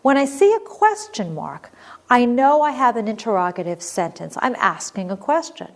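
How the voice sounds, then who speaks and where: A woman teaching a recorded grammar lesson, reading example sentences clearly and expressively, then explaining them. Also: fairly high pitch, very animated, normal speed.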